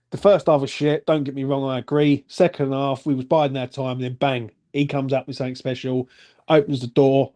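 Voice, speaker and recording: A man's voice: mid-range voice, darkish tone. A man, co-hosting a casual football fan chat and rating players bluntly, with some swearing. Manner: blunt, swears, asks "yeah?".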